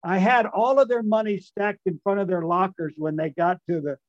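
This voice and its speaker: Speaking at a normal speed in a high-pitched voice with no echo, an older retired baseball player on as a guest relates a rambling anecdote. He is clearly amused by his own story, restarting often and using lots of fillers, over muffled call audio.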